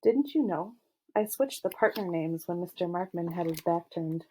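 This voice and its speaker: A woman voicing a gentle, earnest teenage boy football star in an audiobook, speaking softly and with some hesitation. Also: fairly low pitch, monotone, moderate pace, a little hiss or hum, natural voice. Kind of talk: audiobook character voice.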